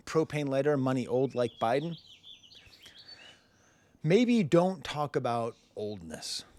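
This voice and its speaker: A man in his forties reviewing a rap album in blunt, sarcastic casual commentary, laughing often. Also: mid-range voice. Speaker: music reviewer.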